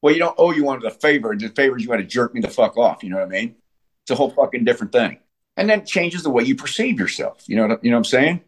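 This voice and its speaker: Husky man in his sixties, blunt and profane. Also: mid-range voice, sing-song, rapid-fire. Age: 60s. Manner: blunt and profane, with frequent restarts. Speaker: interview guest. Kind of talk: candid conversational storytelling.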